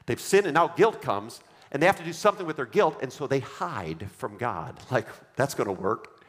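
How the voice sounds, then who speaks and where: A man's voice: mid-range voice, animated, moderate pace, fairly bright tone. A man preaching a sermon as pastor, emphatic, repeating his refrains and having the congregation read along. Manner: leads the congregation in reading aloud. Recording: long hall reverb.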